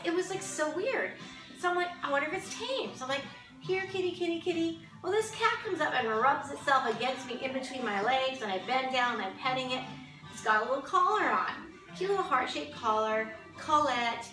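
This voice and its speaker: A middle-aged woman telling a story in a chatty, animated way, swearing casually and acting out what other people said. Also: sits high, recorded from a distance. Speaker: vlog host. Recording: echoey room, off-mic, faint music.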